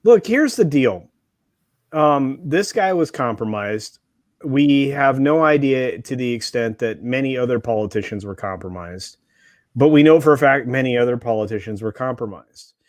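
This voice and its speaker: A man's voice: medium pitch, lively intonation, moderate pace, no room sound, studio quality. A man co-hosting a casual live stream, talking loosely and swearing. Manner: casual, swears and laughs easily. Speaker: co-host.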